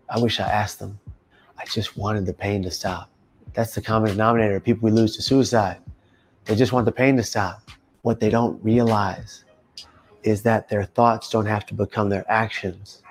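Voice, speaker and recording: A man in his thirties telling his own story in an emphatic testimony, rising to loud intense bursts. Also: fairly low pitch. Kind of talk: personal testimony monologue.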